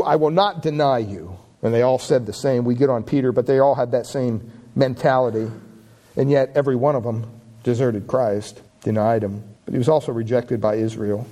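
A man preaching a sermon with passion, reading scripture aloud and rising in pitch and volume on key lines. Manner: impassioned preaching, swells louder and higher on key lines.

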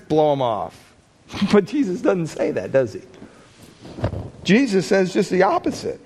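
A man preaching a sermon with a somewhat high voice. He talks in a conversational way, asking questions straight to the congregation. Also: huge pitch swings, measured pace, long pauses, a little mellow, slight background noise. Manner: conversational, asks the listeners questions. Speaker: pastor.

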